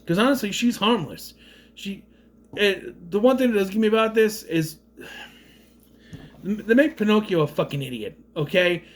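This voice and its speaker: A man's voice: high voice, expressive, moderate pace, long pauses. A man giving casual, rambling movie commentary, sarcastic and swearing freely. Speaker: movie reviewer.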